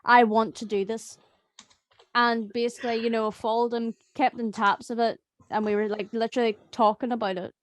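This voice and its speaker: A woman's voice: on the high side, a little fast. A young woman, telling stories in a casual group chat about voice acting. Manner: chatty storyteller, animated quoting. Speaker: voice actor.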